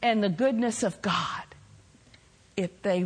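Woman preacher, sermon, animated pitch, loud shouts and soft hushed lines. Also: slow.

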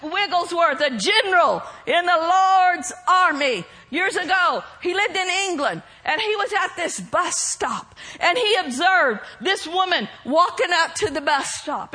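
A woman preacher delivering a sermon, bold and emphatic, breaking into shouted declarations. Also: extremely high pitch.

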